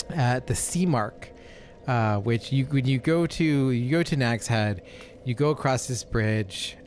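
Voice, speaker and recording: A man's voice: medium pitch, a little mellow, a little hiss or hum. Rambling man telling stories. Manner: rambling storyteller, many fillers and asides. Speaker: co-host. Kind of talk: casual chat over gameplay.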